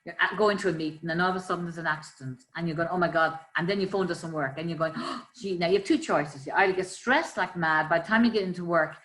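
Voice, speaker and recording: A woman, a life coach, calmly explaining ways to manage stress with everyday examples. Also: fairly low pitch, quick pace, hardly any pauses. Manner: calm, explanatory, gives examples. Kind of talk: conversational coaching talk. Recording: roomy echo.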